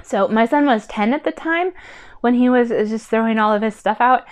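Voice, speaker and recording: Woman vlogger, fairly high voice, casual and heartfelt, rambling talk full of fillers. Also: moderate pace. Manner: chatty and rambling, with many fillers like "like" and "um"; earnest and heartfelt. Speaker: decluttering vlogger and mother. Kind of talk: casual personal vlog talk.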